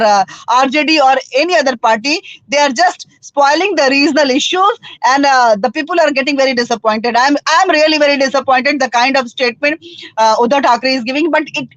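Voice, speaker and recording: A woman speaking as a panelist in a political debate over a remote call, halting and repeating words, slipping into Hindi. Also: high voice, fairly bright tone, dry recording, dull audio. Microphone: remote call with a poor network.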